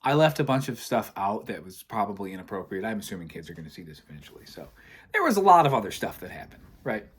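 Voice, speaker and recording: A young man from Michigan telling a long story in a casual, animated way, acting out both sides of the conversations. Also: fairly low pitch, fast, breathy edge.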